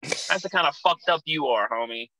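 A young man with a very bright, slightly high voice tells crude, rambling stories, swearing constantly. His sound is close and dry, with no room around it. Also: lively intonation, normal speed, no echo, rough recording. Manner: crude, profane, rambling storyteller. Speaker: guest, wrestling figure. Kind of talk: casual chat.

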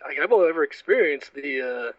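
Podcast cohost guy rambling, animated, higher voice, dead dry muffled mic. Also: fast talker, no room sound. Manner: rambling, animated, many "like" fillers. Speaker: podcast co-host. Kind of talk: casual chat.

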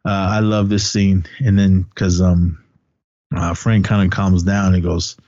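A man's voice: sits low, flat delivery, unhurried, a little mellow, no echo. A man co-hosting a podcast, casually recapping a film in a rambling way, full of restarts. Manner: rambling retelling, many restarts and "he goes". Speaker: podcast co-host. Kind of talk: casual movie recap chat. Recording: muffled dry lo-fi audio.

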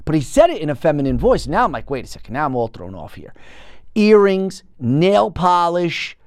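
Animated New man hosting, lively pitch. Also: moderate pace, no room sound, studio quality. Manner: animated, rambling storyteller with frequent restarts. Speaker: podcast host. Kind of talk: casual monologue.

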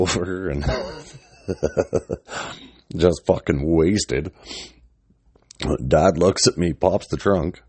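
Middle-aged man, extremely deep voice, husky, profane rambling story, dry close sound. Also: dark tone, no echo. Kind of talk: casual storytelling.

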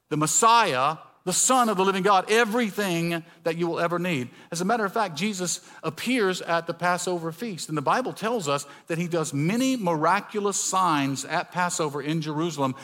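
A middle-aged man from Mississippi, preaching a sermon built around personal stories, acting out the voices of people he met. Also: on the high side. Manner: storytelling, animated, acts out dialogue with voice changes. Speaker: pastor.

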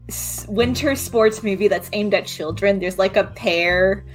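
A woman player in a tabletop game on a call, animated and rambling with lots of giggles. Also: medium pitch, measured pace, poor audio. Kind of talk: casual play chat on a call.

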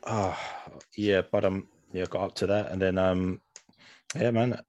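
Laid-back guy, low and dry. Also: steady tone, measured pace, darkish tone, no echo, muffled recording. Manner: laid-back, sweary, says "man" a lot. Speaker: podcast co-host. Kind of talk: casual chat. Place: home room, green-screen beach backdrop.

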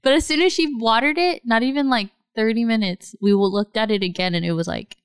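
A woman in casual chat, telling animated stories full of "like" and acting out what others said in a higher voice. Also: brisk, clear, resonant tone, no echo, clean studio sound. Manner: animated storytelling, lots of "like", acts out quotes in a higher voice.

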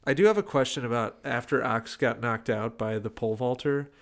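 A man's voice: medium pitch, steady tone, fairly quick. A man co-hosting a podcast, chatting casually about a movie with dry, joking asides. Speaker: podcast co-host. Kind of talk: casual chat reviewing a movie.

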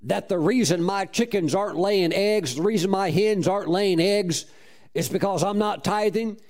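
A preacher putting on a big old country farmer. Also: male voice, high-pitched, normal speed, darkish tone, natural voice. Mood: questioning.

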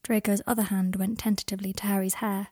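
A woman reading a story aloud, with soft, intimate, measured narration. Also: mid-range voice, little pitch movement, no echo, studio quality. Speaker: podfic reader. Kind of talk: audiobook narration of fan fiction.

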